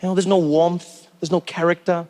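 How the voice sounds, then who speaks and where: A man doing stand-up comedy, telling stories in an animated, incredulous way. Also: high-pitched, normal speed.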